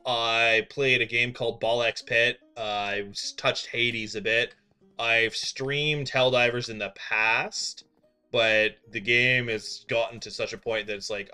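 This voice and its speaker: Bright-voiced man chatting while gaming. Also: medium pitch, clear, resonant tone. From Canada. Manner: rambling, filler-heavy, distracted while playing. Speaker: streamer. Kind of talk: casual live-stream chat with viewers.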